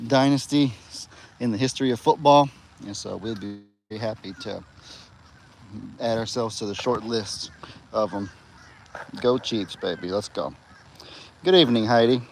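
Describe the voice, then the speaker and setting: Young guy doing a farm livestream, chats away, coos and hollers at the animals, bit of faint outdoor noise. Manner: chatty, coos at animals in a high voice and calls them loudly. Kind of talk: casual live-stream chat.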